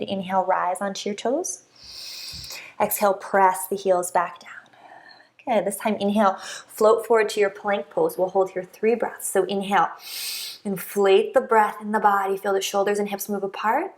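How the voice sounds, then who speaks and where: A woman teaching a yoga class, calmly giving breath-timed cues with soft hums and encouragement between them. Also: medium pitch, normal speed. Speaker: yoga instructor. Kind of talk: guided yoga class instruction.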